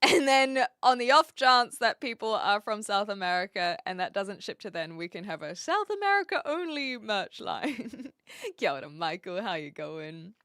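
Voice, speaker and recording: Young woman streamer, chatty and giggly, reads chat aloud; lively delivery, dry close mic. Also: mid-range voice, moderate pace, no echo. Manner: chatty, laughs often, greets viewers by name. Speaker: livestream host. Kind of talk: casual livestream chat, reading viewer comments.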